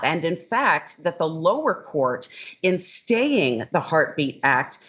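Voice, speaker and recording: Woman, legal scholar guest, measured and precise, lawyerly, dull lo-fi remote audio. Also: lowish voice, fairly bright tone. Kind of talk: remote interview, explanatory legal commentary.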